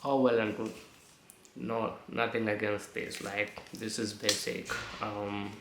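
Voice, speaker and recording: A man's voice: fairly low pitch, flat delivery, takes it slowly, a bit bright, a little hiss or hum. A man vlogging casually with a slight lisp from new braces, chatty and rambling, swearing now and then. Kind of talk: casual storytelling vlog. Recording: echoey room.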